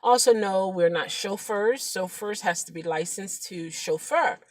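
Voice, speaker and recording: A woman's voice: mid-range voice, measured pace, no echo. A woman who drives rideshare, talking to the camera in a chatty, preachy way, rambling with fillers and sometimes dropping to a whisper. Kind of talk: casual vlog talk.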